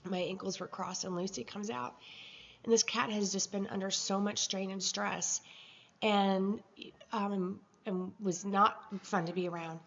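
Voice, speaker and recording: A woman telling a personal story in a video journal, emotional and halting, with many fillers and pauses. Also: medium pitch, steady tone, vocal fry, fairly bright tone, muffled recording. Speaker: vlogger.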